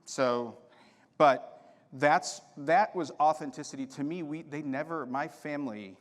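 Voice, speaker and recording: A man's voice: on the high side, unhurried. A man giving a storytelling talk at a conference, acting out voices in his anecdotes. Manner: animated anecdotes with quoted dialogue. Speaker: conference speaker. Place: conference hall. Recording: hall reverb.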